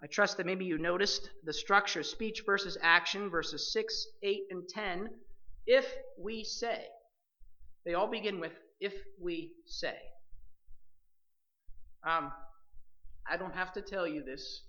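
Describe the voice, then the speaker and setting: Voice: mid-range voice, takes it slowly, long pauses, bright, forceful tone, muffled recording. A preacher delivering a sermon with emphatic, direct address to the listeners as believers.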